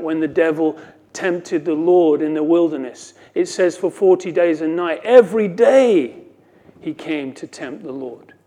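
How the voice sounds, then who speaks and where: A man's voice: fairly high pitch, dark tone. A man preaching a sermon as pastor, earnest, with dry self-mocking asides.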